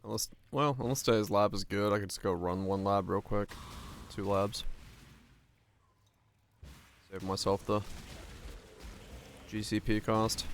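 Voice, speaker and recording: A man narrates his game session in a relaxed, thinking-aloud ramble. His voice sits low with a gravelly rasp. A faint hum runs underneath. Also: unhurried, long pauses. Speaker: streamer. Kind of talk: casual gameplay commentary.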